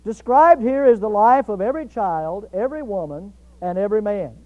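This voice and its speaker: A man preaching a sermon emphatically, repeating key phrases and swinging between loud stress and quiet asides. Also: sits high, lively intonation, normal speed. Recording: dull lo-fi recording.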